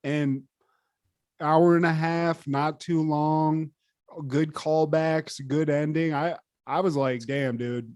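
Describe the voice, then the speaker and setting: A man co-hosting a podcast in casual chat, animated and profane, with lots of fillers. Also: a little high, takes it slowly, clear, resonant tone, dry recording, studio quality. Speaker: podcast co-host.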